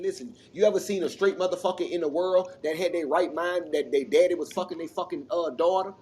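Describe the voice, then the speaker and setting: A man from Mississippi telling a rambling, animated story in casual chat, swearing freely and acting out what people said. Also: fairly high pitch, fairly quick, few pauses. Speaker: regular panelist. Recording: noisy audio-chat recording.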